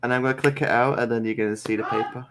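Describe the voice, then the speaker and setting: A man's voice: mid-range voice, fairly even intonation, racing, over a noisy crowd. A man playing in a casual tabletop game, laying out his character's moves step by step. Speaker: player.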